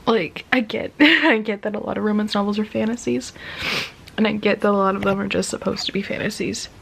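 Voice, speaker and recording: Speaking fairly quickly with vocal fry and a fairly bright tone, a woman reviews a romance novel she loves in a casual vlog, against slight background noise. She's tearful and effusive, uses plenty of fillers, and keeps lowering her voice to a whisper.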